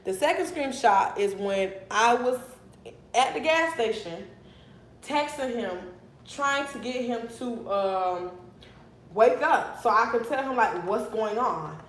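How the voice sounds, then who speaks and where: A young woman telling a storytime on a livestream, animated and blunt, swearing freely. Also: a little high, slow pace. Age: young adult. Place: her apartment, indoors. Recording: echoey room.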